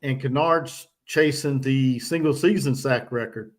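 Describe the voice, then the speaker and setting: A man's voice: medium pitch, measured pace. A man hosting a casual sports chat, hesitant, often restarting his sentences. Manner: hesitant, restarts a lot, full of ums. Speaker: host.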